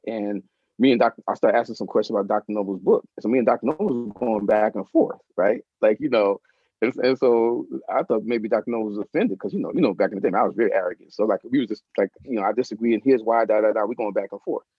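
Give me a husky, rapid-fire middle-aged man telling a story as an interview guest, in a dry, slightly dull recording. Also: on the low side, dry recording. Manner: animated, acts out voices in his anecdotes. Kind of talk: casual storytelling.

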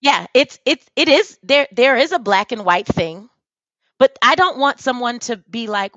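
A woman's voice: fairly high pitch, expressive, normal speed, a bit bright, dry recording, dull audio. A woman guest talking on a video call, emphatic and profane, often restarting her sentences. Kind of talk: casual conversation.

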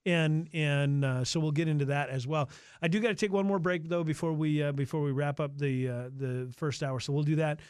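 A man hosting a radio talk show, chatting with a studio guest in a halting, filler-heavy way. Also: on the high side, fairly even intonation, darkish tone, clear, resonant tone, dry recording. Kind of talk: casual radio interview. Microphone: studio microphone.

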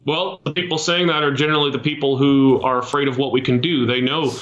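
A Canadian man leading a small political party, answering interview questions in a measured way with many fillers and restarts. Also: medium pitch, fairly even intonation, a bit bright, roomy sound, dull audio.

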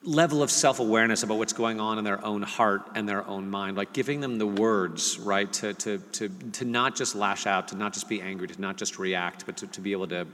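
A middle-aged man in casual podcast chat, animated as he acts out family banter. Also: on the low side, fairly quick, hardly any pauses. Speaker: podcast co-host. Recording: long hall reverb, faint noise.

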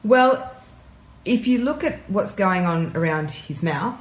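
A man's voice: high-pitched, animated, slow, a little hiss or hum. A man co-hosting a podcast, chatting casually and analytically, laughing often. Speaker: podcast co-host. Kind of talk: casual chat. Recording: echoey room.

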